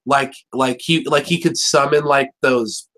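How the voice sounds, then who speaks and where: Young male host, average pitch, casual profane rambling review banter. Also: fairly even intonation, a little slow, sharp tone. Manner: rambling, jokey and profane, full of fillers. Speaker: show host reviewing an episode. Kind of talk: casual chat.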